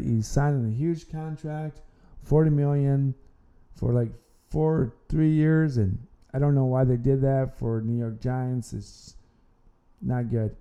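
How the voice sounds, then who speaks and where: A man's voice: medium pitch, measured pace, mellow, clear, resonant tone, muffled recording. A man hosting an amateur sports podcast, talking casually and rambling, often repeating words and restarting his sentences. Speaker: podcast host.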